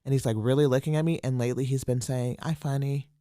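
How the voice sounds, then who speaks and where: A woman's voice: extremely low pitch, steady tone, racing, dark tone, no room sound, clean studio sound. A woman guest, a comedian, telling stories in a chatty way in a casual conversation. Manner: chatty, storytelling.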